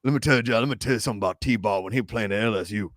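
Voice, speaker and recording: Impression: man doing thick Louisiana drawl, folksy football talker, booming big-boy storyteller. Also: very fast, no room sound, studio quality, natural voice.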